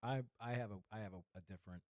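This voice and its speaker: A man's voice: fairly low pitch, rapid-fire, darkish tone, no room sound, clean studio sound. A man co-hosting a podcast in a casual chat, blunt and profane. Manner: blunt and profane, talks over the other host. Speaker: podcast co-host.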